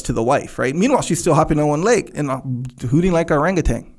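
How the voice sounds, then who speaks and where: A man's voice: mid-range voice, brisk, a little mellow. A man co-hosting a podcast, telling a rambling story and acting out movie lines in casual chat. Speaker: podcast co-host.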